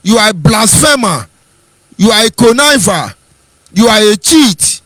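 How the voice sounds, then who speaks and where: A man's voice: high-pitched, big pitch swings, measured pace, a bit bright, no echo. A Nigerian man giving an impassioned political monologue, rhetorical and mocking in tone. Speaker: political commentator.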